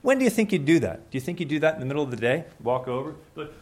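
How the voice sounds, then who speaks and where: A young man preaching a sermon in a conversational way, acting out little scenes with quick changes of voice. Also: a little high, sing-song, a little mellow.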